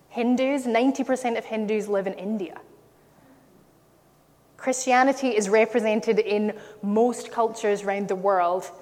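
A woman's voice: medium pitch, a little mellow. Woman preacher from scotland, sermon, emphatic storytelling, long hall reverb. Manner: storytelling, emphatic at key points.

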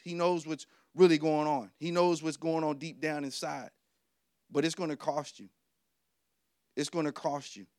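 High-voiced animated male preacher. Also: dry recording, clean studio sound. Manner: animated storytelling, repeats key lines, questions the audience. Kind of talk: sermon.

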